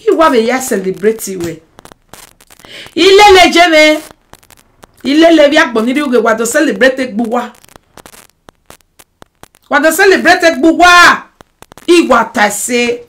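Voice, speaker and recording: Speaking unhurriedly with long pauses in a low-quality recording, this woman with a Nigerian Pidgin accent vlogs to the camera at a rival. Her lively personal monologue is emphatic, dotted with rhetorical "eh?" asides, and it shifts from loud outbursts to quiet muttering.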